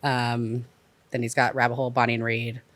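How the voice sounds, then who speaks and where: A man's voice: medium pitch, normal speed, no echo. A man guesting on a casual chat show, talking easily as a restaurant owner about his businesses. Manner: relaxed, lists names and places easily.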